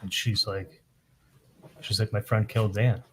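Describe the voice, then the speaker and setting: A man testifying in court, telling events in a halting way, often repeating words and retelling what was said with "I'm like". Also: on the low side, level tone, slight background noise. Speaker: trial witness testifying.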